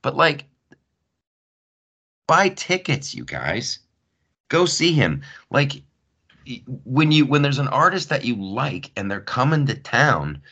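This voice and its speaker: A man's voice: mid-range voice, slow, long pauses, slightly rough, dull audio. A man hosting a podcast, a stand-up comic telling stories in a rambling, repetitive, joking way. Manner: rambling, repeats himself, animated storytelling. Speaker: podcast host and stand-up comedian. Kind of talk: casual comedic monologue.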